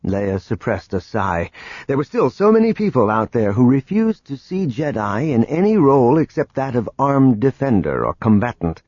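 A man narrating an audiobook in a dramatic, expressive reading. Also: mid-range voice, moderate pace, no echo, a faint crowd. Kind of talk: scripted narration. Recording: dull lo-fi recording with music.

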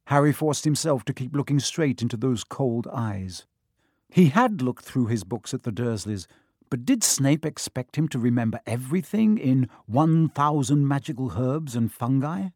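A man reading a children's fantasy novel aloud in measured, scripted narration. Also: mid-range voice, lively intonation, a little mellow, no echo, clean studio sound. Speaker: audiobook narrator.

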